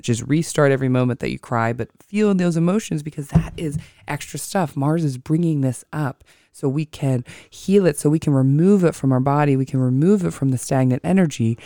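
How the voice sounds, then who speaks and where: An astrology podcast host talking casually on their own, slow and deliberate, thinking before each phrase and often correcting themselves mid-sentence. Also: mid-range voice, a little mellow, no room sound, studio quality. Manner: self-correcting, with frequent restarts. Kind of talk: casual solo podcast talk.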